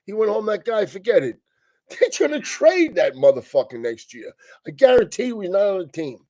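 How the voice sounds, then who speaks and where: A man's voice: high-pitched, big pitch swings, normal speed, mellow, muffled recording. A man comedian on a casual, profane rant, swearing constantly and breaking into laughs mid-sentence.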